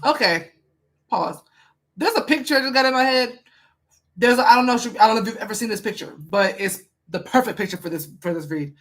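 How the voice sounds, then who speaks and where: A woman's voice: on the high side, lively intonation, brisk, fairly bright tone. A woman reading tarot cards for a viewer in a casual, chatty way, asking the cards questions aloud and speaking with emphasis. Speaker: tarot reader.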